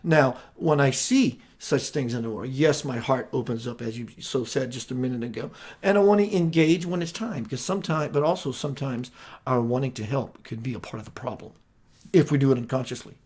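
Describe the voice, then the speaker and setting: A man's voice: medium pitch, fairly quick, darkish tone, slightly rough. A man hosting a radio talk, speaking earnestly about spirituality and often restarting words. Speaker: radio show host.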